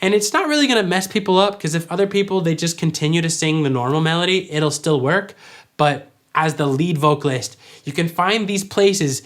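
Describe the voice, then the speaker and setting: A man teaching worship vocals, explaining clearly and singing short examples. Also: a little high, brisk, fairly bright tone. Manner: clear, instructive, demonstrates by singing. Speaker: vocal coach. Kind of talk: vocal tutorial with sung examples.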